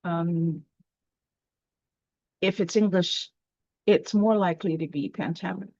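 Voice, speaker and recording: A woman's voice: on the low side, fairly even intonation, a little slow, a little mellow, no room sound. A woman teaching a poetry class, explaining step by step with fillers and restarts. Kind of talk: online lesson. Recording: dry, dull lo-fi sound.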